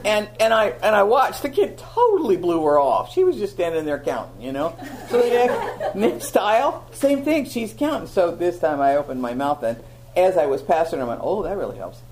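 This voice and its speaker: A woman teaching a Bible lesson to a live audience, telling stories with animated, self-mocking humor. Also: on the low side, moderate pace, a little hiss or hum, poor audio.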